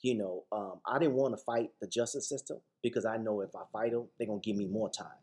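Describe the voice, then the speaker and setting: A man appears as a guest on a radio interview, telling his personal story with emphatic repetitions and frequent restarts, and he acts out quoted voices. The founder of a TV show, he has a lowish, mellow voice and talks fast.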